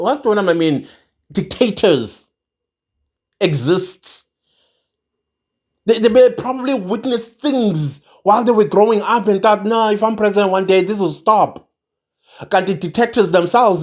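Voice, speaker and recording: Angry South African vlogger, emphatic rant to camera, repeats key phrases. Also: medium pitch. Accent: South African, mixing isiZulu. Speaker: online commentator. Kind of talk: impassioned rant to viewers.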